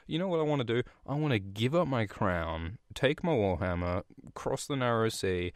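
A sulky middle-aged king grumbling about how his life turned out, voiced by a man retelling the story. The voice sits low and dry, close to the performer's own. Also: expressive, normal speed, no room sound, close to an everyday voice. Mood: self-pitying. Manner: mopey, self-absorbed complaining. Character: self-pitying, whiny middle-aged king.

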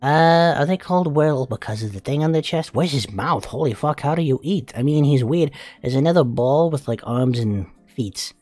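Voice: mid-range voice, animated, normal speed, few pauses, warm tone, dry recording, soft background music, natural voice. A voice actor playing a crude, flamboyant male spider demon in a comedic fan reaction, swearing, giggling and cooing. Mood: amused.

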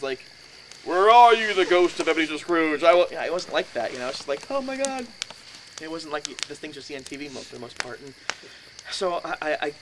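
A middle-aged man with a slightly high voice tells a ghost story to a live audience. He acts out each quote, dropping to a whisper and then shouting. The recording is noisy, with crickets chirping behind him. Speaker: speaker telling a ghost story. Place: indoors, house.

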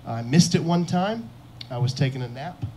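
A man's voice: medium pitch, lively intonation, normal speed, a little mellow, a little hiss or hum. A young man performing a stand-up comedy set on a club stage into a handheld mic, self-deprecating and chuckling at his own jokes.

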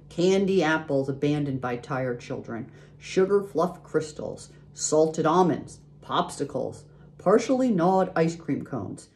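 Woman playing an old sheep, sly, persuasive, savoring lists, a bit louder, storybook. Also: low-pitched. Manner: tempting, relishing lists.

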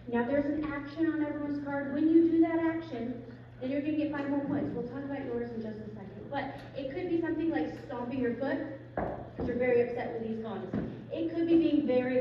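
A woman teacher leading a class activity in an animated, theatrical way, calling out to her students. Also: high voice. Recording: echoey large room, distant mic, dull sound, children's crowd noise.

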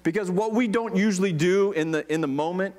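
A man's voice: high-pitched, fairly quick, a little mellow. Chatty man preaching. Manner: conversational, asks the congregation questions. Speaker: pastor. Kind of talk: sermon.

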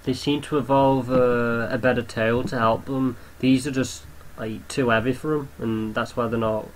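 A young man talks his way through a simulation game, chatting to the creatures on screen as he goes. His voice sits at an ordinary middle pitch. A faint hiss of noise runs underneath. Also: steady tone, normal speed, low-quality recording. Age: young adult. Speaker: gameplay commentator. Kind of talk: casual gameplay commentary.

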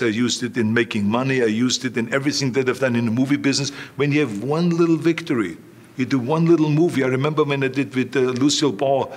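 Older man telling lively stories. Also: medium pitch. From Austria. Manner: animated anecdotes, acts out quoted voices. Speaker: interview guest. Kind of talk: storytelling in a relaxed interview.

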